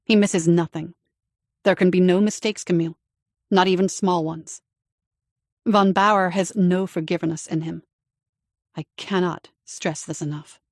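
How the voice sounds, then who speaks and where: A cool, guarded woman of wartime Paris speaks in a measured, commanding way, as a woman narrator puts her on. Her voice has a gravelly grain and a dry, close sound. This is an audiobook read. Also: lowish voice, fairly even intonation, no room sound. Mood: stern.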